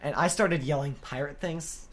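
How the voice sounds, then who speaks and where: A man's voice: fairly high pitch, moderate pace, crowd noise. A young man co-hosting a casual podcast, rambling through a funny story and laughing often. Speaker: podcast co-host.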